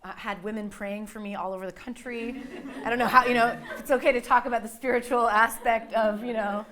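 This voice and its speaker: A woman's voice: on the high side, fairly even intonation, fairly quick, bright, forceful tone. A woman telling her birth story casually, rambling with lots of fillers and restarts, livening up when she quotes others.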